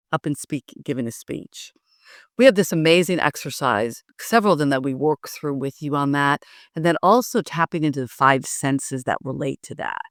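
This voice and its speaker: A middle-aged woman coaching public speaking, lively and often laughing as she demonstrates. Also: low-pitched, dry recording, studio quality. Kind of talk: instructive interview talk.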